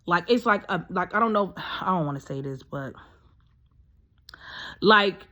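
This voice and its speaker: A woman's voice: fairly low pitch, lively intonation, unhurried, sharp tone. A woman in her thirties telling a personal story in a casual, rambling way, full of fillers and emphatic asides. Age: 30s.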